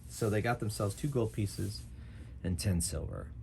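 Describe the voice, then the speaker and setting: A man's voice: sits low, takes it slowly, gravelly, mellow, a little hiss or hum. A man narrating a solo tabletop game as game master, in a casual manner that thinks aloud.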